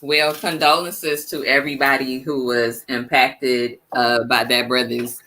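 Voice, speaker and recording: Bright-toned, measured panel moderator man. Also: medium pitch, flat delivery, low-quality recording. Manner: measured, consoling. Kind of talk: online panel discussion.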